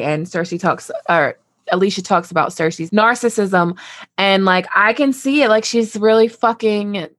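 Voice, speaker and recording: A woman's voice: medium pitch, no echo. Casting: young woman co-host, casual and profane, dry studio mic. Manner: chatty, profane, many "like"s. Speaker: podcast co-host. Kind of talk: casual book discussion.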